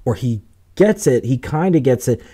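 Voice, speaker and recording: A man's voice: mid-range voice, animated, moderate pace, mellow, slightly rough. A man hosting a show, commenting on clips with profane, mocking laughter. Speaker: show host.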